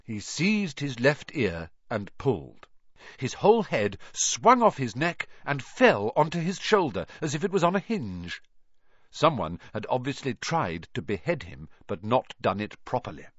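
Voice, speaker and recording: A man narrating a storybook in an expressive reading style. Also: medium pitch, measured pace, no room sound, highs cut off. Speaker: audiobook narrator. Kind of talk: scripted narration.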